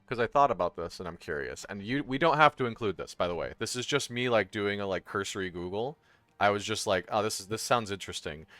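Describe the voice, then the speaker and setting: A man's voice: lowish voice, a bit bright, no room sound. A man playing in a tabletop game, chatting casually with eager, rambling asides and reading rules text aloud. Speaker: player.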